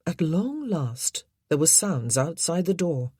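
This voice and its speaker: A woman narrating an audiobook, measured and expressive in her storytelling. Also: low-pitched, breathy edge, dry recording, studio quality. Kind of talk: scripted narration.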